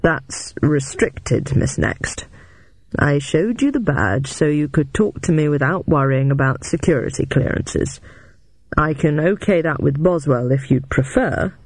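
A man doing a hushed, measured forties agent. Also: on the high side, animated, no room sound. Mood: guarded. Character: calm middle-aged male special agent, scarred and guarded.

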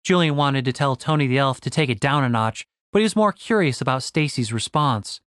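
A man narrating a comic fantasy audiobook with expressive storytelling. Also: mid-range voice, brisk, dry recording, clean studio sound. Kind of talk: scripted narration.

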